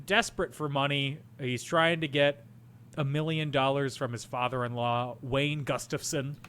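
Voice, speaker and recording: A man's voice: mid-range voice, steady tone, moderate pace, fairly bright tone. A young man co-hosting a podcast, chatting casually and teasing his co-host in a playful way. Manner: playful teasing, bursts into silly put-on accents. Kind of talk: casual chat.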